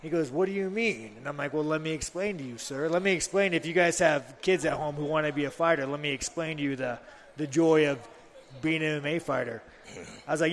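A man's voice: a little high, fairly quick, long reverb tail. A man, a pro fighter on a live talk show, telling stories bluntly and with plenty of swearing. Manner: blunt, profane, rambling storytelling. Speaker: fighter guest. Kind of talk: casual chat.

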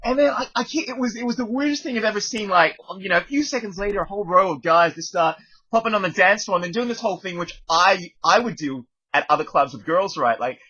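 A man telling a story in casual podcast chat, animated, jumping into other people's voices and sudden shouts. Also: sits high, fast, breathy edge, dull audio. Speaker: podcast co-host.

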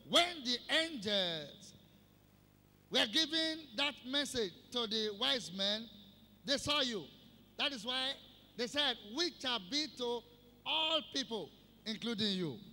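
A man preaching a Christmas sermon, slow and emphatic, repeating key phrases for the congregation. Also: very high-pitched, bright, forceful tone. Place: church service hall. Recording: long hall reverb.

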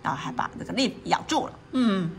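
A woman's voice: mid-range voice, lively intonation, fast talker, vocal fry. A woman reading a storybook aloud to a child, explaining each page and often asking the child questions. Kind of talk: bilingual read-aloud.

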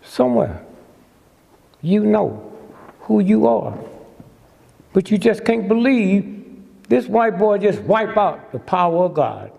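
A man's voice: high-pitched, big pitch swings, slow, gravelly, long pauses, warm tone. An older man giving a humorous lecture to a live audience, sly and teasing, constantly prodding the crowd with "hmm?". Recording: long hall reverb.

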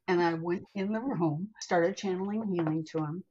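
An older American woman, a spiritual healer appearing as a podcast guest, tells a personal story in a husky, breathy, fairly low voice at normal speed. Chatty and animated, she calls the listener "honey" and retells events vividly with acted asides. The audio is a little dull and lo-fi.

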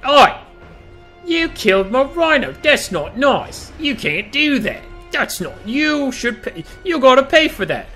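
Note de casting : un homme jouant un héraut démon bruyant et vexé, voix très aiguë, argot de rue. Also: male voice, extremely high pitch, sing-song, measured pace, bright, forceful tone, faint music behind, voice pushed up, heavily acted. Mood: indignant. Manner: rowdy slangy street talk, complaining. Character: indignant male daemon herald, loud, shouty.

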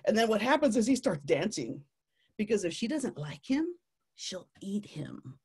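Lively woman telling a nature story. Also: mid-range voice, moderate pace, slightly rough. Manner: animated, playful, laughs often. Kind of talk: family storytelling.

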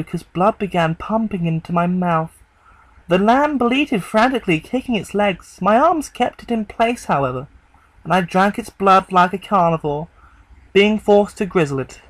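A man narrating a horror story in a grim, measured storytelling delivery. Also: high-pitched, no echo, low-quality recording. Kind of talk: dramatic horror story reading.

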